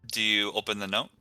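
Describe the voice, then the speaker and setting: A man runs a tabletop game over a call, his low voice bright and ringing, yet crisp and clean. He narrates loosely, with plenty of fillers. Faint music sits behind him in a dry, close sound. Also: dry recording. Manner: relaxed, filler-heavy narration with easy laughs. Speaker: dungeon master.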